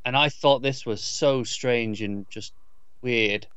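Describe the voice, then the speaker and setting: On a casual podcast reviewing a TV episode, a male co-host emphatically argues his complaints, frequently stammering and starting over. His medium-pitched voice is slow, fairly bright, clear and resonant. The recording is dry and the audio dull.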